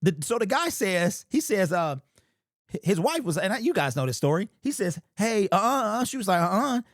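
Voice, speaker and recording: A man in his forties talks through a casual sports-fan vlog in a rambling, chatty way, often restarting his sentences. His voice sits a little high for a man. The sound is dry and close, with no room echo. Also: sing-song, brisk. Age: 40s. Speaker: sports YouTube channel host.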